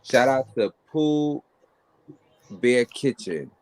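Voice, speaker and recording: A man in casual podcast chat, boastful and animated as he tells stories. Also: mid-range voice, drawn-out words, a little hiss or hum.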